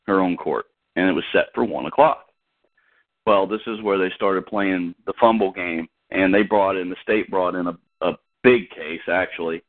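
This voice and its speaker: Low-voiced man on a phone line. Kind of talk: casual storytelling. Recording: tinny phone-line audio.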